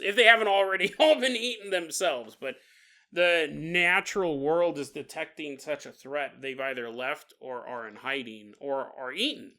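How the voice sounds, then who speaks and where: A storyteller putting on a squeamish everyday man, muttering to himself in exasperation. His voice is slightly high and bright, with a firm push behind it.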